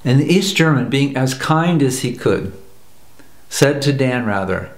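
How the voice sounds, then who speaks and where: A man's voice: medium pitch, animated, unhurried. A man from the United States telling a story in an earnest talk, repeating phrases for emphasis. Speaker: personal growth teacher. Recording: roomy echo.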